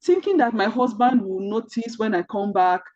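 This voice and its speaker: Mentoring an online group, this Nigerian-accented woman tells personal stories with earnest sincerity, speaking straight to her listeners and hammering home key points through repetition. Her voice is a little high, animated and slightly mellow, at a moderate pace, with dull audio and no echo.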